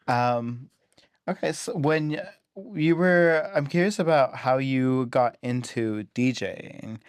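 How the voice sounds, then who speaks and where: A man's voice: medium pitch, clean tone, no room sound. Young man, podcast host, playful and chatty, dry sound. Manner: playful, chatty, quick to laugh. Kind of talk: casual interview chat.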